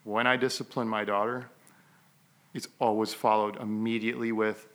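A man co-hosting a conversational podcast, talking in halting bursts with many restarts and frequent throat-clearing. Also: lowish voice, level tone, a bit bright. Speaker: podcast co-host and father.

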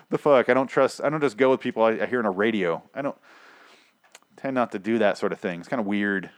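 A man's voice: fairly low pitch, fairly quick, no echo. Sarcastic rambling man recapping a show. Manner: rambling, sarcastic, acts out scenes. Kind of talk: casual profane episode recap.

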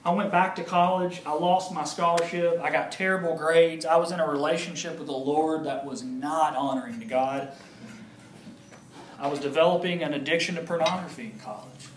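A male pastor giving his personal testimony in an animated storytelling manner, acting out the voices of people he quotes. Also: fairly high pitch, normal speed, slight background noise. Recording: echoey room.

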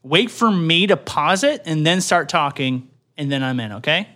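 A man hosting a podcast in casual chat, animated and quick to laugh loudly. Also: a little high. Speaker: podcast host.

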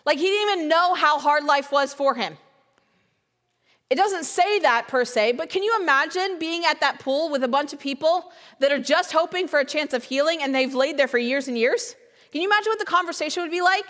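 A woman's voice: sits high, animated, a little fast, pushed and bright, long reverb tail. A woman guest speaker giving a conversational sermon, full of rhetorical questions and acted-out inner voices. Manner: acts out imagined inner voices.

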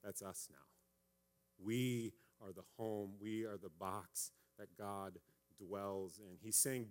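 A man in his thirties giving a conversational sermon as a pastor, often checking in with a quick "right?". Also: lowish voice, steady tone. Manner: conversational preaching, frequent "right?" asides.

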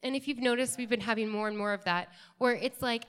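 A woman with a slightly high voice talks to her congregation as their worship leader. She is earnest and casual, and her speech is full of fillers. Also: fast, few pauses, fairly bright tone, smooth. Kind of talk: casual talk from the church stage. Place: church sanctuary.

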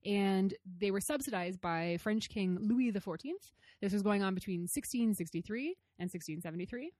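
A woman's voice: medium pitch, lively intonation, normal speed, a little mellow, no room sound. Woman cohost, teasing and playful, walks through some history, dry close sound. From Canada. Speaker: podcast co-host. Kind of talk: casual chat.

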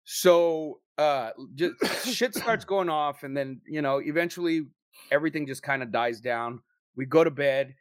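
Young guy telling a story to his buddies, swears a ton, slightly high voice, dry close mic. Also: unhurried, no echo. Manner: profane, animated storyteller who acts out quotes. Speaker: paranormal investigator telling a story. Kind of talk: casual storytelling among friends.

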